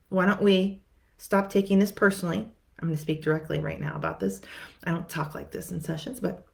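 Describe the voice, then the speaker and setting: A woman's voice: medium pitch, a little mellow. A woman therapist giving a conversational teaching talk to viewers, repeating words and acting out what clients say.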